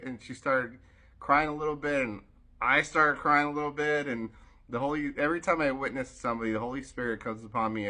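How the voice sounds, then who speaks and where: Bright-voiced man telling a story casually. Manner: animated storyteller, voices others with sudden pitch jumps, many fillers. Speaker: vlogger.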